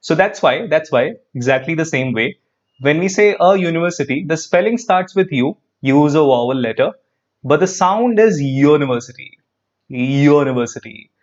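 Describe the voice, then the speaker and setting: A man's voice: fairly high pitch, animated, normal speed, dull audio. A man teaching an English grammar class live online, repeating key phrases and asking students questions. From India.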